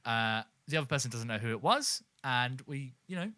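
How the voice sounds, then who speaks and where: A man's voice: medium pitch, animated, brisk, pushed and bright, clear, resonant tone, no room sound, studio quality. A man co-hosting a comedy podcast, introducing segments in a hammy, announcer-like way. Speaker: podcast co-host. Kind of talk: comedic casual chat.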